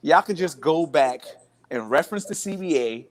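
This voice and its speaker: A man's voice: fairly high pitch, expressive, moderate pace. A man co-hosting a casual sports chat over a Wi-Fi call from a hotel room, laid-back and given to repeating himself.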